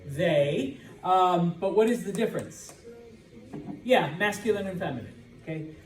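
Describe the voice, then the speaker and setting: Heard from a distance in an echoey classroom, an American man leads a Spanish lecture with student call-and-response, joking informally and repeatedly asking "okay?" to check that students follow. His voice sits high and is expressive, and he speaks a little slowly.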